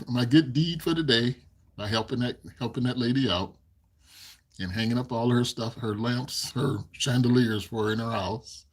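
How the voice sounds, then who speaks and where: A man's voice: mid-range voice, breathy edge. A man hosting a casual live stream, reading viewers' comments aloud, rambling and often chuckling as he talks. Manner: rambling, repeats himself. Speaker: channel host reading live chat.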